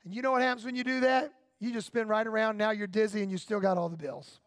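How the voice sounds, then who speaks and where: Guy preaching in church, real high pitched, fired up, keeps asking why why why and shouting. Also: fairly even intonation, fast, dry recording, clean studio sound. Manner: impassioned, repetitive rhetorical questions, rising to shouts. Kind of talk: sermon.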